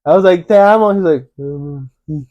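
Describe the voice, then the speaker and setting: A young man co-hosting a casual chat, telling stories with animated, acted-out quotes. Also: on the high side, moderate pace, no echo, lo-fi sound. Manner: animated, acts out quotes in a raised voice. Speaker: co-host.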